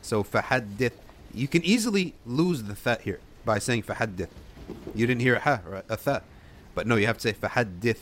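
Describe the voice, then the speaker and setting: A man's voice: mid-range voice, sing-song, a little fast, a bit bright, slight background noise. A man teaching tajweed, explaining the rules step by step, reciting short examples and checking in with his students.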